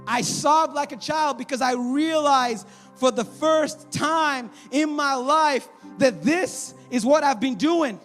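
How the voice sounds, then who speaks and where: A man of around forty preaching a sermon in a church, animated and acting out the voices of people in the story. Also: extremely high pitch, slow pace, faint music behind. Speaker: pastor. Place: church sanctuary.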